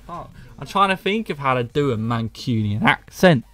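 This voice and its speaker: A man's voice: medium pitch, expressive, normal speed, fairly bright tone, no room sound. A man from the UK, chatting casually and self-mockingly with viewers on a live stream. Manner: joking, self-mocking, reads chat aloud. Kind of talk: casual chat with viewers while gaming.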